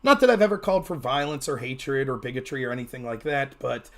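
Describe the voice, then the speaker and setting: Animated and quick-paced, a male political commentator chats as a guest in a casual interview, his voice shooting sharply upward when he greets people.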